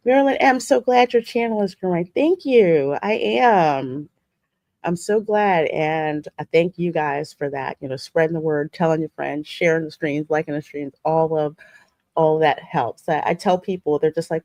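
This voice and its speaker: A woman's voice: deep voice, lively intonation, a little slow, darkish tone, dry recording, studio quality. A woman hosting a live podcast stream, greeting viewers by name in a chatty, effusive way. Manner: chatty, effusive, often laughing. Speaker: livestream podcast host.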